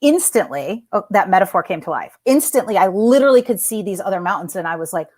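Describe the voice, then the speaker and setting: Animated woman telling a story. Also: on the low side, fast talker. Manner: animated, frequent fillers and restarts. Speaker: guest, former executive. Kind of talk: casual storytelling in conversation.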